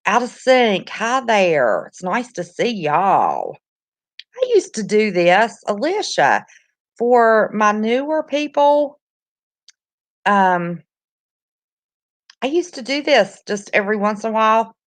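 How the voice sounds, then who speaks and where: A woman's voice: mid-range voice, sing-song, slow pace, pauses often. A woman, chatting casually on her livestream, greeting viewers by name and calling them honey. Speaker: livestream host. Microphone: no headphones, device mic.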